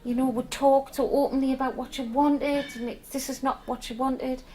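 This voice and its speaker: A middle-aged palliative care nurse from Northeast England has a high-pitched voice with little pitch movement and normal speed. She's warm, candid and occasionally emotional, telling personal stories about her work in a documentary interview, with a little hiss or hum in the low-quality recording.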